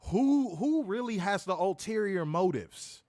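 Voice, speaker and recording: A man's voice: high voice, a little slow, dry recording, studio quality. A man co-hosting a wrestling review podcast, talking casually with lots of profanity, jokes and teasing. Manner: profane, animated, joking, teasing. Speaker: wrestling show co-host.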